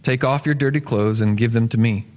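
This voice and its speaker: A gentle, kindly prince in a storybook read by a man speaks calmly and reassuringly in an even, mid-range voice. A church hall's long reverb follows each phrase. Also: mid-range voice, fairly quick, lo-fi sound, natural voice. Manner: calm, reassuring. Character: kind royal male prince, calm and gentle.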